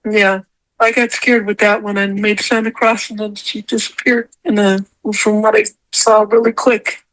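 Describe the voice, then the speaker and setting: A woman's voice: medium pitch, flat delivery, normal speed, rough recording. A woman guest telling a personal story in a casual chat, emotional and rambling, often repeating herself. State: tearful at times. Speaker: podcast guest.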